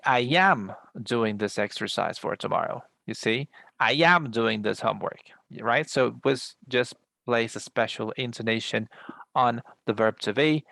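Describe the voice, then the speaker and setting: A man with a gravelly, creaky voice walks his students through an English lesson on a video call. His speech is dry and close, with no room sound. He explains patiently, restarting sentences and filling pauses as he goes. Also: medium pitch, fairly bright tone, dry recording. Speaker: English teacher. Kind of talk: online class instructions.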